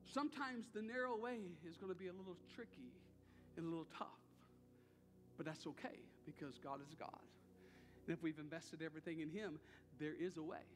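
A man's voice: on the high side, a little fast, in a large hall, music in the background. A man preaching a sermon as pastor, talking in a conversational way and repeating phrases for emphasis. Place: church sanctuary.

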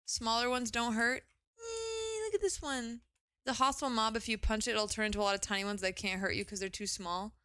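A young woman streaming a game, chatting casually and gushing with excitement, often exclaiming and swearing. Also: fairly high pitch, a little fast, dry recording. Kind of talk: casual live gaming commentary.

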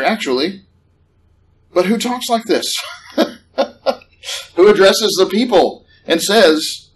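Conversational male preacher, slightly high voice. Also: poor audio. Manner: conversational, animated, rising on questions. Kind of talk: sermon. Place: church hall.

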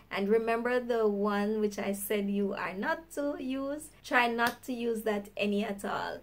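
A Jamaican woman hosting a casual teaching vlog, chatty and laughing often. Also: on the high side. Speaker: YouTube host teaching slang.

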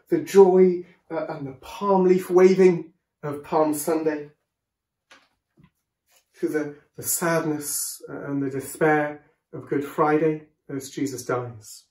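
Gentle man telling a children's story, echoey room. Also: fairly high pitch. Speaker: school worship leader.

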